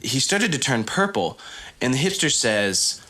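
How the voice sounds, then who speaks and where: A man's voice: medium pitch, very animated, bright, forceful tone. Playful male podcast storyteller. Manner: playful, quick, laughs often. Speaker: podcast co-host. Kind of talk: improvised comedic storytelling.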